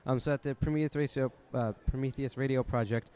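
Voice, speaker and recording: A man's voice: medium pitch, fairly even intonation, fast talker, mellow, clear, resonant tone. A man interviewing a guest at a conference, casual and hesitant, full of uhs and likes. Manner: hesitant, lots of uh and like.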